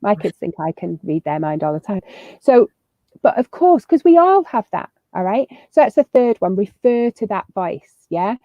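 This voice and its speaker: A woman's voice: medium pitch, sing-song, normal speed, dry recording. A woman giving chatty, upbeat parenting advice as a guest on a video call, with lots of fillers and restarts. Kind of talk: casual advice chat. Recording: slightly muffled lo-fi audio.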